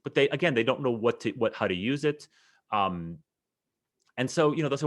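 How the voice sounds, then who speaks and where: A man teaching a math webinar, explaining in a lively way with frequent fillers and restarts. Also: medium pitch, brisk. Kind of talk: webinar lecture.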